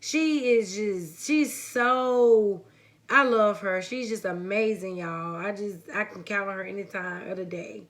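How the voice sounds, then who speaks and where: A young woman vlogger chatting to her viewers in a casual story time, rambling and warm-hearted, often calling them y'all. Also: medium pitch, a little slow.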